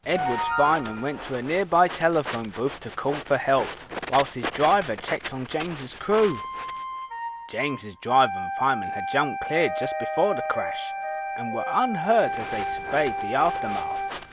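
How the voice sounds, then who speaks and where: A man narrating a children's storybook in an expressive, lively reading. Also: medium pitch, moderate pace. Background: loud music.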